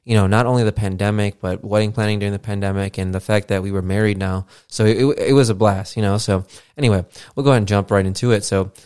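A man's voice: lowish voice, fairly even intonation, fast, a little mellow, clean tone, no echo. A man hosting a casual solo podcast, rambling with lots of fillers and casual swearing, into a studio mic. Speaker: podcast host. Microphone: podcast mixer with studio mic.

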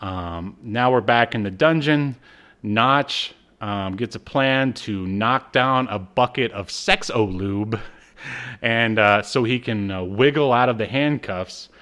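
Speaking slowly in a mid-range, fairly bright voice that is clean and resonant, this podcast co-host casually recaps an episode. Clearly amused, he chuckles through the retelling and performs the characters' lines himself.

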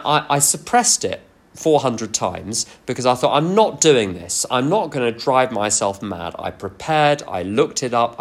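A man's voice: on the low side, gravelly. A man giving a recovery workshop talk, frank and self-deprecating, mixing personal anecdotes into his teaching. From England.

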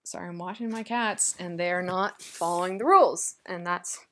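A young woman with a slightly low voice hosts her own podcast from home. She tells a personal story in a loose, chatty way, full of fillers. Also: moderate pace, sharp tone. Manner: chatty, rambling, lots of "like" fillers. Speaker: podcast host. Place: home room with her cats.

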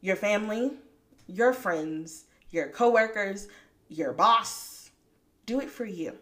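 A woman hosting a faith-based motivational podcast, talking straight to listeners in a lively, preachy way and laughing often. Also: mid-range voice, slow pace. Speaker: podcast host.

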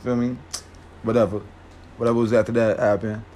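A man's voice: lowish voice, little pitch movement, a little fast, a little mellow, a little hiss or hum. Slangy man telling a story casually. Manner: slangy, rambling, checks in with listeners.

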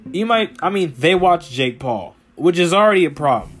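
A young man with a fairly high voice hosts a podcast at a normal pace, soft music playing behind him. His comedic rant is animated and full of swearing. He mocks people by quoting them in a raised, silly voice.

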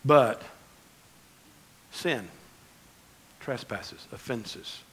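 A man preaching a conversational sermon as pastor, swinging between loud emphasis and quiet asides. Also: medium pitch, extremely slow, husky, low-quality recording.

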